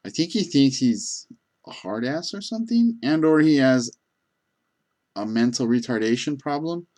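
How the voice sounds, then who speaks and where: With a medium-pitched, darkish voice and an animated delivery at normal speed, this man works as a gas station clerk. His casual stories ramble, packed with fillers and false starts.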